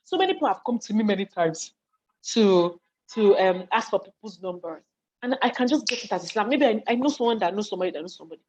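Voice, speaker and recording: A Nigerian woman speaks over a video call from her home study, in a voice of ordinary middle pitch that comes through a muffled, lo-fi line. She talks to her online audience in a lively, conversational way, acting out what people say and checking that they are following. She is hungry and keeps yawning. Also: quick pace, a little hiss or hum. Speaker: speaker on leadership and volunteering. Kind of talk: live online talk to an audience in a chat. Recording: dull lo-fi call audio.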